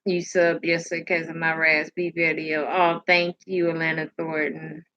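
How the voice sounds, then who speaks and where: A woman's voice: low voice, little pitch movement, normal speed, a bit bright, highs cut off. Sleepy woman chatting on a live stream. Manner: sleepy, rambling, laughing, talks back to the chat. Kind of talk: casual live stream chat, reading comments.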